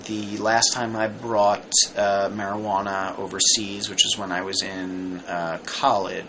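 A man's voice: on the low side, flat delivery, unhurried, background noise. A man as a podcast guest in casual chat, rambling with jokey asides and frequent restarts.

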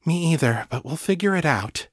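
Soft, motherly young woman, tender and soothing, male narrator pitching up; dry audiobook sound. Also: expressive, normal speed, breathy edge, no echo.

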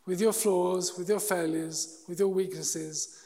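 A man preaching a sermon in an earnest, halting way, often restarting his sentences. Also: sits high, steady tone, dark tone, long reverb tail. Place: church hall.

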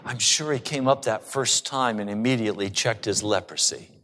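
A man's voice: lowish voice, moderate pace, pushed and bright, long reverb tail, slight background noise. A male pastor preaching a sermon and telling stories with humor. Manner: storytelling with humor.

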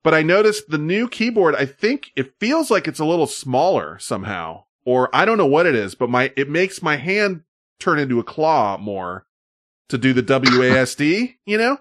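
A man's voice: on the high side, sing-song, normal speed, a bit bright, no echo, clean studio sound. A man co-hosting a stream in rambling, casual talk, swearing often, with loose asides and fillers. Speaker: stream co-host. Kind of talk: casual profane chat.

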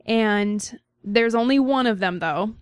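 A woman's voice: a little high, slow pace, smooth, no echo. Female podcast co-host, conversational and explanatory, dry close recording. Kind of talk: casual chat, summarizing news stories.

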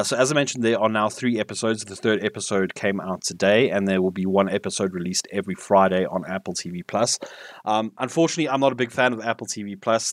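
A man with a fairly low voice gushes about a show in casual podcast chat. His words tumble out with ums and restarts. The sound is dry and close, with no room around it. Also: dry recording. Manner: enthusiastic, many fillers and restarts. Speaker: podcast co-host reviewing TV.

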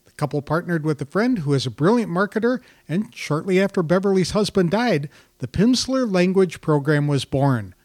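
A man's voice: sits high, animated, normal speed, few pauses, a little mellow, no room sound, studio quality. An older man hosting an interview podcast, reading an earnest scripted introduction before chatting with his guest. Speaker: podcast host.

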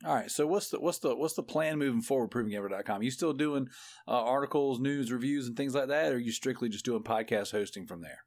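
A relaxed man wraps up a gaming podcast with an easygoing, joking manner. His voice sits at an ordinary pitch, and he talks casually, often breaking into laughter. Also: fast talker. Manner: laid-back, playful, laughs often. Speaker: podcast host. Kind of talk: casual podcast chat, show wrap-up.

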